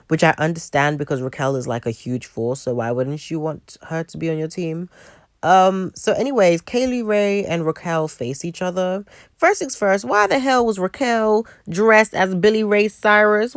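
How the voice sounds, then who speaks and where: A woman's voice: medium pitch, no echo, clean studio sound. A woman giving a casual, profane rant review with a sassy, blunt manner. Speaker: wrestling show reviewer.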